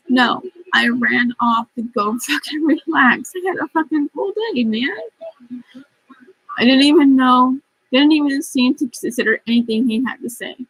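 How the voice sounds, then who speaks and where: Upset woman vlogger, swears a lot, breathy voice pitched a little high. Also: a bit bright, dry recording, poor audio. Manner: frustrated, profane, rambling. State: upset and stressed. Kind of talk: casual venting vlog, reading chat messages aloud.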